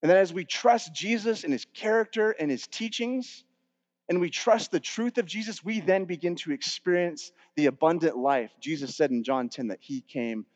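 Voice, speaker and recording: A man's voice: on the high side, normal speed, darkish tone. A male pastor preaching an earnest, emphatic sermon and quoting scripture, recorded in a church sanctuary. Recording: dull sound with long hall reverb.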